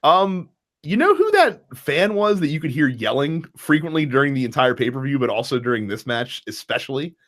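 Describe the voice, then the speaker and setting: A man's voice: fairly high pitch, fairly quick. A man co-hosting a casual wrestling chat, telling stories with a lot of laughter. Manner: animated, laughing storyteller. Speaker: wrestling podcast co-host.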